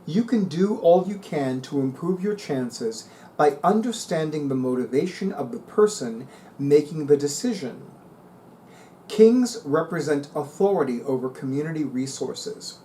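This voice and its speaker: A man's voice: on the high side, lively intonation, measured pace, warm tone, slight background noise. A middle-aged man reading tarot articles aloud and musing on them in a casual, chatty way. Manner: musing, reads aloud then comments. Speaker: tarot reader.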